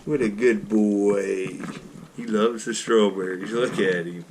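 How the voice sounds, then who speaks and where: A man's voice: fairly low pitch, fairly even intonation, takes it slowly, noisy background. Man cooing over his pet squirrel. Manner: talks baby talk to his pet squirrel. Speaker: vlogger. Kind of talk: casual vlog chat.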